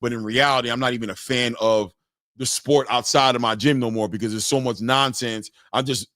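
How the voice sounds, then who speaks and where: A man's voice: mid-range voice, steady tone, fairly quick, sharp tone, no echo, clean studio sound. A man hosting a casual interview, playful and teasing, asking direct questions. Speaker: host.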